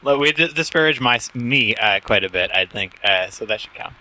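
A man's voice: medium pitch, animated, moderate pace, bright, forceful tone, a little hiss or hum, poor audio. A man co-hosting a casual podcast over an online call, speaking hesitantly with lots of filler sounds. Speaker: podcast co-host. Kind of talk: casual chat.

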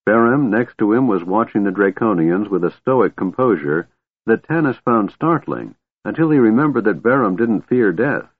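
Male audiobook narrator, low voice, steady and measured, thin phone-like audio. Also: breathy edge, no echo. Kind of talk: scripted fantasy narration. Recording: tinny phone-like, dry.

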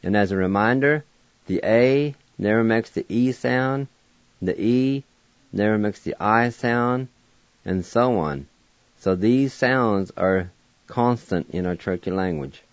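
This man teaches language on a radio show, spelling words letter by letter and sounding them out patiently in a slow lesson. His voice is on the low side and he takes it slowly. No echo, but the audio is dull.

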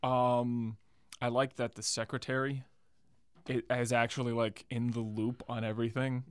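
A man chatting casually about a film, animated, breaking into quick mock voices to act out scenes. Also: mid-range voice, clear, resonant tone, dry recording, studio quality.

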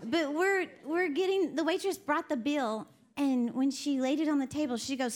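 A woman with a high voice speaks at a moderate pace to a women's conference in a session hall. She is chatty and jokey, laughing often, before her sermon turns earnest.

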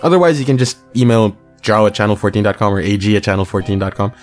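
A man's voice: fairly low pitch, fast, soft background music. A man co-hosting a casual podcast, chatting loosely and spelling out web and email addresses. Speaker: podcast co-host.

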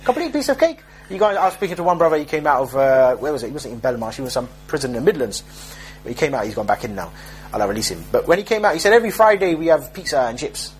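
Speaking at a racing clip in a sing-song, medium-pitched voice, a young male preacher tells joking street stories during a casual religious talk and puts on mock voices for the people involved. A faint hiss or hum sits under the recording.

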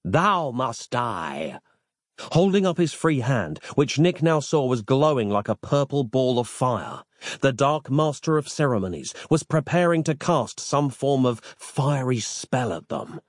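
A man reads a fantasy novel aloud with theatrical flair, his voice rising and falling in a lively way. The recording is close and dry, with no room sound. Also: mid-range voice, unhurried, no room sound. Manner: expressive, theatrical storytelling. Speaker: narrator. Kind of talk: scripted audiobook narration.

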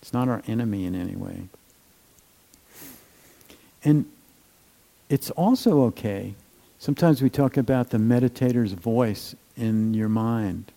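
A man giving a gentle, unhurried meditation talk, with many fillers and trailing phrases. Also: lowish voice, creaky, rough recording. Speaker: meditation teacher.

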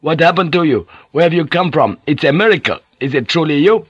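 A man voicing a drunk, overjoyed older Dutch sailor in an audiobook, with slurred, excited exclamations. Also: mid-range voice, moderate pace, slightly rough, no echo, muffled recording, voice pushed up. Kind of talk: audiobook character voice.

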